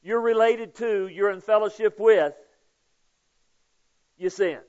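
A male pastor preaching in a chatty, conversational way, often checking in with his listeners. His voice sits a little higher than most men's, and he swings between loud emphasis and hushed, prayerful asides. The recording sounds dull and lo-fi. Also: slow pace. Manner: conversational preaching, with frequent "okay?" checks to the congregation. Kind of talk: sermon.

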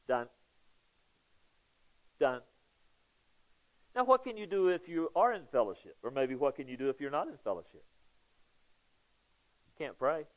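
A male pastor preaching in a chatty, conversational way, often checking in with his listeners. His voice sits a little higher than most men's, and he swings between loud emphasis and hushed, prayerful asides. The recording sounds dull and lo-fi. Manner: conversational preaching, with frequent "okay?" checks to the congregation. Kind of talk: sermon.

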